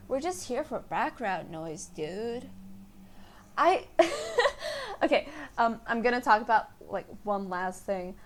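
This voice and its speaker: A young woman hosting her own podcast, chatting casually and rambling in a self-deprecating way. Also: medium pitch. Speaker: podcast host. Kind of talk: casual solo podcast chat.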